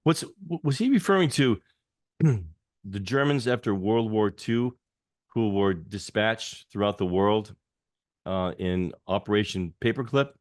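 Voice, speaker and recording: A man hosting an interview, asking measured, probing questions. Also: on the low side, animated. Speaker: host.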